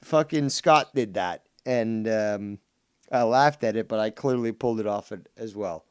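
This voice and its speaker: A man hosting a casual talk show, ranting angrily with heavy profanity and mocking voices, swinging between low mutters and loud outbursts while drinking and smoking. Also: measured pace, smooth. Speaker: podcast host.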